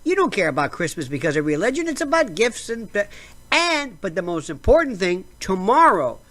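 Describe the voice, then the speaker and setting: An American woman hosting a show, ranting in a sarcastic, rambling way that keeps drifting into side remarks. Her pitch moves around a lot, which keeps the delivery animated. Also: brisk. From United States. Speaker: show host. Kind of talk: comedic rant.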